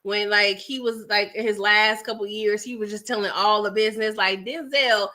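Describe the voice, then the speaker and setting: Bright-voiced chatty woman livestreaming. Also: mid-range voice, moderate pace. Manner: chatty, animated, uses "child" and "y'all". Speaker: livestream host. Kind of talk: casual chat with live viewers.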